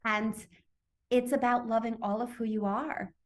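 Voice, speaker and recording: Woman guest, animated storyteller who acts out her own thoughts, video-call interview. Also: fairly high pitch, a little slow. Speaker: summit guest, author.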